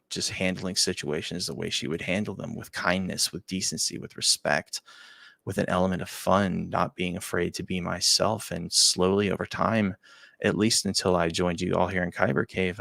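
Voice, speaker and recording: A man hosting a talk show, telling a personal story in a halting, emotional way, often dropping to a quiet near-whisper and repeating his words. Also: sits low, level tone, gravelly, no room sound. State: choked up. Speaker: show host.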